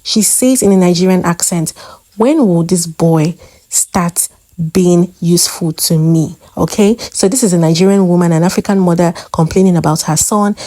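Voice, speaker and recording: A woman's voice: fairly low pitch, dark tone, dry recording. A woman hosting a tutorial, explaining step by step with occasional fillers. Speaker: host. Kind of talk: tutorial narration.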